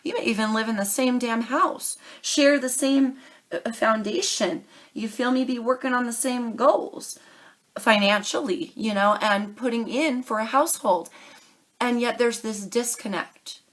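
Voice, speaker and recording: Young woman reading tarot cards, earnest and pleading, kinda high voice, keeps saying darling. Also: unhurried, fairly bright tone. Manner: earnest, pleading, calls viewers darling and baby. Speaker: tarot reader. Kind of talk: casual tarot reading to camera.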